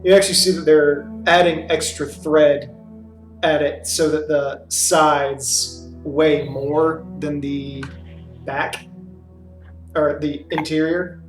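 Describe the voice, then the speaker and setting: A man running a tabletop role-playing game as game master, narrating in a relaxed way with chuckles. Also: a little high, slow pace, roomy sound, faint music behind.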